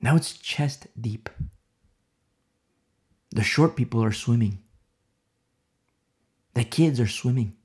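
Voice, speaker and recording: A man's voice: medium pitch, takes it slowly, long pauses, darkish tone. A man preaching a sermon in an emphatic, storytelling way, often repeating himself for emphasis.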